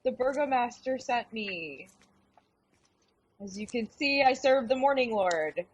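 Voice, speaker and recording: An earnest young cleric woman, voiced by a woman player, speaks in a soft and coaxing way, lifting her voice a little as she reassures. She sounds careful and kind. The mic is dull and lo-fi. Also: fairly high pitch, animated, measured pace, pitched above the performer's own voice. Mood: gentle coaxing.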